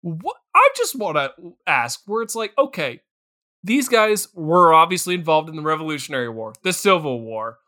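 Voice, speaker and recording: A man's voice: on the high side, very animated, normal speed, sharp tone. A man co-hosting a podcast, rambling in a casual, comedic way, laughing and acting out lines in silly voices. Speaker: podcast co-host.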